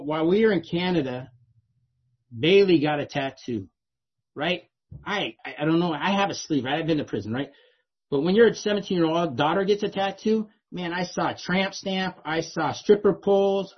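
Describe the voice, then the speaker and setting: A middle-aged man telling a personal recovery story in a lively way, often adding "right?" to check in with the room. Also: a little high, normal speed, breathy edge, highs cut off. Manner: animated, repeats "right?" often. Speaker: speaker sharing a recovery story. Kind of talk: storytelling talk.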